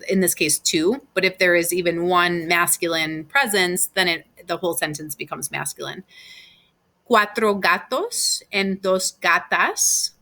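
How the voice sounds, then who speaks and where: A woman's voice: on the low side, bright, forceful tone. A woman teaching Spanish grammar in a recorded class, explaining patiently step by step with examples.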